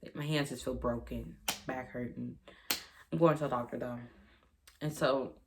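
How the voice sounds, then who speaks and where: A woman's voice: very deep voice, steady tone, normal speed. A young woman vlogger telling a personal story in a rambling, repetitive way, acting out the dialogue and sometimes dropping to a whisper. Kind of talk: storytime vlog.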